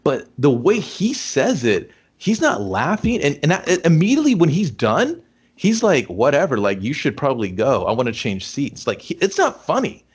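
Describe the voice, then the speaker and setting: A man co-hosting a casual movie review podcast, talking in an animated, profane way and acting out lines from the film. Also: on the high side, moderate pace, slightly rough. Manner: animated, swears a lot, acts out lines in funny voices. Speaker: podcast co-host.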